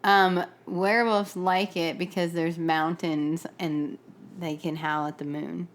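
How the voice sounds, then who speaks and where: A woman co-hosting a podcast in casual chat, easygoing and teasing back with quick jokes. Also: on the low side, level tone. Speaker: podcast co-host.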